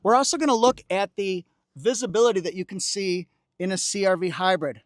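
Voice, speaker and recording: A man's voice: high-pitched, a little fast, no echo, studio quality. A man doing an upbeat car walkaround review, pointing out features with playful asides and joking song quotes. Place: car dealership lot and car interior.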